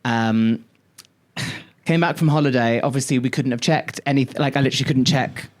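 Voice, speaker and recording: A man co-hosting a podcast in a studio, telling stories in an animated, casual way and swearing freely. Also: mid-range voice, moderate pace. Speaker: podcast co-host. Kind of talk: casual chat.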